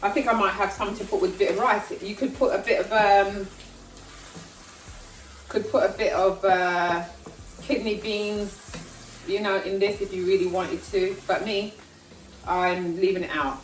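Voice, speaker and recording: A woman's voice: medium pitch, steady tone, moderate pace, long pauses, slight background noise. Chatty London woman cooking in a kitchen. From South London, England. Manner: chatty, self-deprecating, talks while cooking. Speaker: vlogger. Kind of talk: casual cooking vlog chat. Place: home kitchen. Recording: echoey kitchen, far from mic, sizzling. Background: frying and sizzling food.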